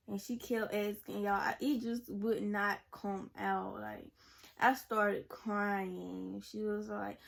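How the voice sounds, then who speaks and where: A woman's voice: medium pitch, fairly even intonation, a little slow, vocal fry. A young woman, telling a personal story to camera in a rambling, casual way. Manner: rambling, many "like"s and "y'all"s. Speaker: vlogger. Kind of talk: storytime vlog.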